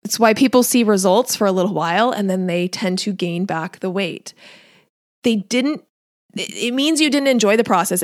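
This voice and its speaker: A woman with a fairly high voice talks as a diet coach in a relaxed solo podcast. She is conversational, laughs lightly now and then, and slips into little acted-out voices of her listeners. The recording is dry and close, with no room sound. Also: no room sound. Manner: conversational, often acts out listeners' thoughts in quotes; laughs lightly while talking. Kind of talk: casual solo podcast talk.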